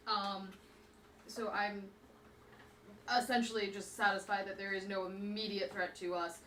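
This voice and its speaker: A woman at a tabletop game talks through her choices in a casual, halting way. Her voice sits at mid pitch and echoes with a faint hiss. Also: level tone, pushed and bright. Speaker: player. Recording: echoey room.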